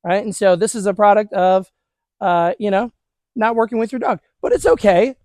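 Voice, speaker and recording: A man's voice: high voice, moderate pace, darkish tone, no echo. A man working as a dog trainer, casually talking viewers through a hands-on demonstration with his dog outdoors.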